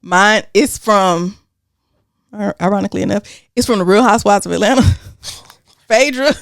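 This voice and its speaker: A woman with a mid-range voice, recorded close with a dry sound. She fires back blunt, funny remarks in a relaxed couch conversation and laughs often. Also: mid-range voice, normal speed, vocal fry, no room sound. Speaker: podcast co-host. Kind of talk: casual chat.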